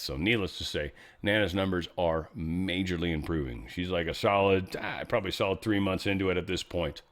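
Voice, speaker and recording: A middle-aged man with a fairly low voice hosts a loose talk show. He rambles, slips into sarcasm and keeps stumbling and restarting his sentences as he mixes opinion with a product pitch. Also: fairly quick, hardly any pauses. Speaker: host.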